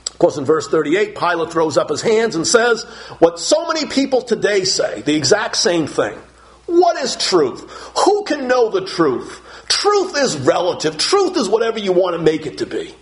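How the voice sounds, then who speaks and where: Male preacher, high voice, lively delivery, voices each speaker in the passage. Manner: animated, voices scripture speakers dramatically. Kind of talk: expository sermon.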